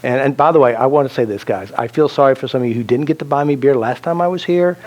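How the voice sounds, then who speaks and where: A man with a medium-pitched, darkish voice speaks fast while teaching a live self-help seminar. He tells anecdotes, cracks jokes, and asks the audience questions.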